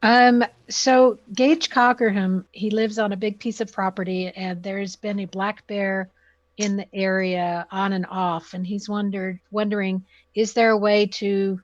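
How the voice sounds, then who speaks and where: A woman passes along a question on a panel in a steady, plain voice. Her pitch is mid-range. The sound is dull and dry. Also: measured pace, no room sound. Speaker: panel member reading a question. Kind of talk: relaying a question.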